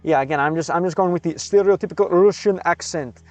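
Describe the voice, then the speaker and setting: An American man streaming live in casual commentary, halting and repeating words as he slowly sounds out foreign phrases. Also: high voice, darkish tone. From United States.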